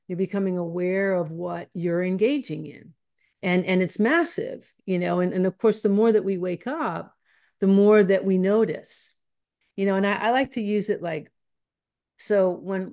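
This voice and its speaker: A woman's voice: fairly low pitch, mellow. A woman guest teaching spiritual ideas in conversation, earnest and searching, often restarting her phrases.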